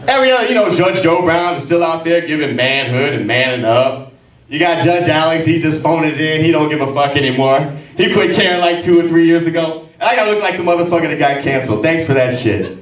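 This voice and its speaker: Man in his 40s doing crude mocking standup, highish voice, echoey club, mic far off. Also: expressive, fairly quick. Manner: brash, profane, mocking. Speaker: stand-up comedian. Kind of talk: stand-up routine. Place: comedy club stage.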